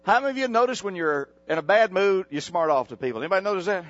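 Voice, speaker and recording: A man's voice: racing, dull audio. A male pastor delivering a folksy sermon, calling on the congregation to repeat his words and jumping up into sudden exclamations. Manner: preaching with call-and-response to the congregation; folksy, animated, with sudden pitch jumps.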